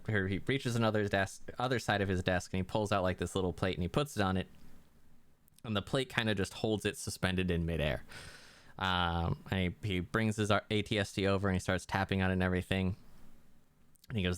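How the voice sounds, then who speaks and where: A man's voice: low voice, steady tone, normal speed, fairly bright tone, clear, resonant tone, no room sound. A man narrating as game master, rambling with many fillers and restarts.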